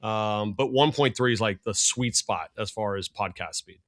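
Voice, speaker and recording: A middle-aged man, a sports analyst guest, talking fast and rambling in casual podcast chat. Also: lowish voice, a bit bright.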